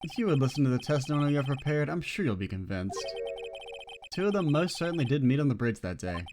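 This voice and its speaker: A let's player voicing a calm, composed male prosecutor with clipped delivery. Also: mid-range voice, fast talker, over music, lightly acted. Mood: cool.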